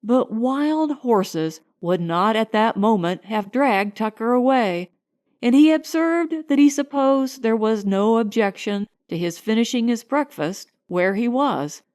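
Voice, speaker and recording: A woman narrating a light romantic comedy audiobook in an expressive, unhurried storytelling manner. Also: a little high.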